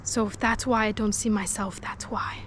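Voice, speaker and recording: A woman's voice: mid-range voice, steady tone, normal speed, a bit bright. A young woman in casual vlog talk, fishing by the water and joking with her viewers in a chatty way. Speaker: fishing vlogger. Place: outdoors by the water. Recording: faint outdoor background noise.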